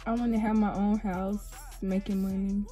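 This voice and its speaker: A young woman who gives short, shy answers at a medium pitch. Music plays clearly behind her voice. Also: little pitch movement, moderate pace, mellow, distant mic. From Columbus, Georgia. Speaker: blind date contestant. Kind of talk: casual chat.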